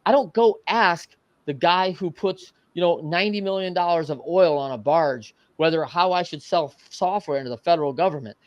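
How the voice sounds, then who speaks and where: A middle-aged man telling a story as a podcast guest, animated and casual, often adding "man" and "right". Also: a little high, fairly quick, few pauses, no echo, dull audio. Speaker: podcast guest, coach and entrepreneur. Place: podcast studio.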